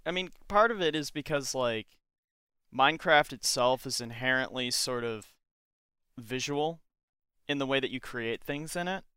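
A man's voice: mid-range voice, expressive, moderate pace, bright, forceful tone, smooth, dry recording, clean studio sound. A young man hosting a casual podcast chat, joking and ironic, often laughing. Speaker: podcast host.

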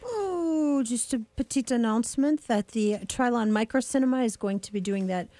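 A woman co-hosting a radio show, chatting in a lively, effusive way. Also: a little high, normal speed. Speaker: radio co-host. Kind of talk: casual radio chat. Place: radio studio.

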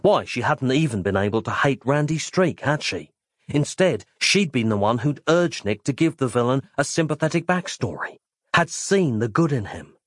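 A man reads a comic novel aloud with a playful, expressive delivery. His pitch swings a lot from phrase to phrase, while his voice stays around a mid pitch. The recording is dry and close, with no room around it. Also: normal speed, no room sound. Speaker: audiobook narrator.

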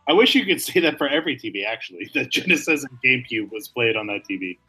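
A man's voice: mid-range voice, big pitch swings, quick pace, bright, forceful tone, faint music behind, low-quality recording. A man co-hosting a comedy podcast, rambling through mock-serious apologies. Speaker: podcast co-host. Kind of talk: casual comedic chat.

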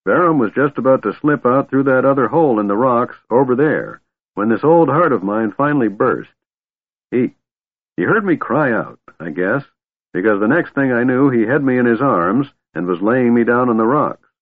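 A man voicing a gruff, fond old male dwarf warrior whose strength is fading, in a storybook reading. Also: mid-range voice, expressive, normal speed, no echo, voice pushed up, close to an everyday voice. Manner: grumbling, affectionate. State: weak, fading. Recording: dry thin phone-like audio.

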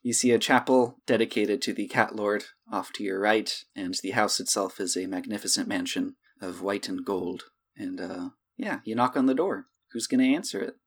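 A man's voice: lowish voice, moderate pace, hardly any pauses. Game master, male, casual narrator who leans on fillers. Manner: loose, filler-heavy narration.

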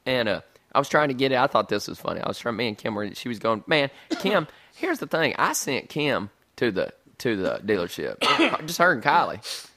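Guy telling a story in casual chat, voice swings all over, gets loud when he pushes a point. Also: fairly low pitch, fairly quick. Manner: animated storyteller, loud bursts of emphasis.

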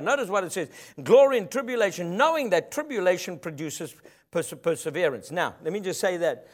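A man's voice: high-pitched, animated, moderate pace. A man preaching a sermon, emphatic and rhythmic, often asking the congregation for an amen. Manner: emphatic, call-and-response preaching.

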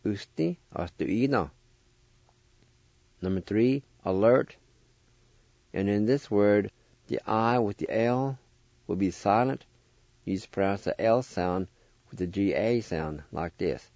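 Slow, deep-toned male radio language teacher. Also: a little mellow, dry recording, lo-fi sound. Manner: slow, deliberate, spells words letter by letter and repeats syllables.

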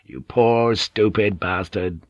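A man's voice: fairly low pitch, takes it slowly, dry recording, muffled recording. A man voicing a bitter, weary sea pilot. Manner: bitter, speaking through clenched teeth.

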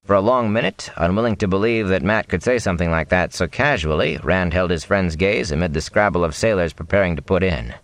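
A man narrating a fantasy novel aloud in an expressive storytelling reading. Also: low voice, fairly quick, few pauses, dry recording. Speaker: audiobook narrator. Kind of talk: scripted narration.

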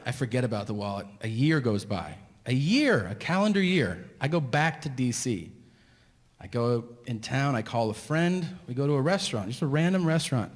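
A man's voice: mid-range voice, big pitch swings, normal speed. A man telling a long stand-up story, exasperated and profane, acting out the people in it on a live stage mic. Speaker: stand-up comedian. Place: theater stage before a laughing crowd. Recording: live hall with long reverb, faint noise.

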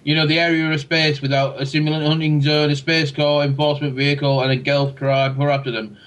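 A man's voice: on the high side, flat delivery, quick pace, fairly bright tone, low-quality recording. A man hosting a casual podcast, reading listener feedback with dry jokes. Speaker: podcast host.

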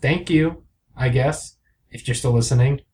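A young man co-hosting a comedy podcast, chatting casually with sarcastic, deadpan asides. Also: mid-range voice, a little slow, a little hiss or hum. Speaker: podcast co-host.

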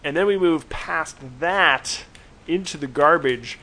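On a horror review podcast, a male co-host retells an episode in a casual recap, with quick asides and quotes he acts out. His voice is fairly high, bright, and forceful.

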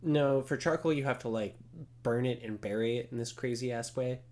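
Young man, podcast co-host, casual chat, animated storytelling, acts out scenes, medium pitch. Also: normal speed. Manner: animated retelling, acting out scenes. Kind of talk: casual movie review chat.

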